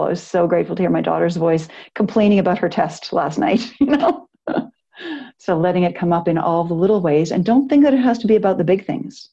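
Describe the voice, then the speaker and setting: A woman's voice: lowish voice, mellow, muffled recording. A middle-aged woman, a yoga teacher, talking to a live class in an earnest, rambling way with many restarts.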